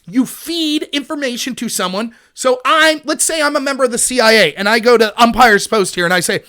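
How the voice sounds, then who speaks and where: A man hosting a political commentary livestream, talking in an animated, sarcastic, ranting way. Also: very high voice, a little fast. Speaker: host.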